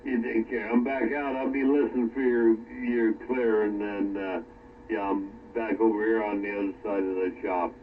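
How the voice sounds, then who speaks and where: A man with a fairly low voice talks in a loose, rambling way, stopping and restarting as he goes. He sounds far from the mic over a narrow, phone-like radio channel. A faint hiss sits underneath. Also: flat delivery. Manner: rambling, halting with many fillers. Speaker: radio chat participant. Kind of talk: casual chat. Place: workshop.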